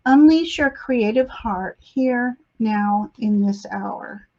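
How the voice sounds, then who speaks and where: A woman doing a live spiritual reading on a webcam, in a gentle, encouraging manner. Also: on the high side, slow, lo-fi sound. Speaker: psychic reader.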